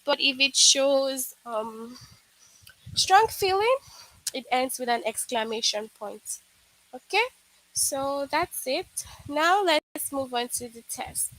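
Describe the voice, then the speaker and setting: A woman with a high voice teaches a class of young children, unhurried and patient. She repeats each point and checks in with "okay?" again and again. The sound is close and dry, with no room echo. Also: a bit bright. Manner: patient, repetitive explaining with frequent "okay" and "all right".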